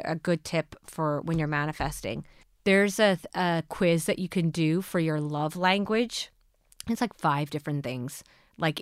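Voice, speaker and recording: A woman's voice: lowish voice, clear, resonant tone, dry recording, studio quality. A woman hosting a podcast, giving earnest coaching on manifesting love and asking listeners many questions. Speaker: podcast host.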